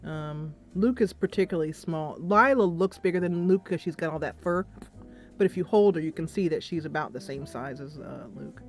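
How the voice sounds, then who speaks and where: A woman's voice: deep voice, moderate pace, faint music behind. Giggly woman chatting on her game stream. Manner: chatty and giggly, with frequent laughs. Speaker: gaming channel host. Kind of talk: casual livestream chat.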